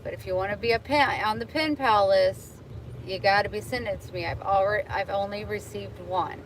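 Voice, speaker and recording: A woman's voice: medium pitch, brisk, slight background noise. A woman vlogger live-streaming casually from her car, chatty and thankful to viewers.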